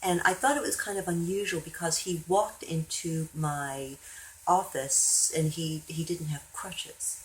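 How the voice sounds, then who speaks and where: A woman's voice: deep voice, unhurried, low-quality recording. A woman hypnotherapist telling a client story in a chatty way, acting out the people she quotes. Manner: chatty, animated when quoting others. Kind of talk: storytelling monologue.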